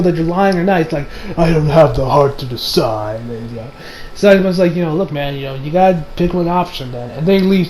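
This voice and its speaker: Young guy with a high voice rambling about an anime ep, acting out the lines. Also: a little mellow, low-quality recording. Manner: rambling, acts out characters' lines with laughs. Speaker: anime reviewer. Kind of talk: casual episode recap.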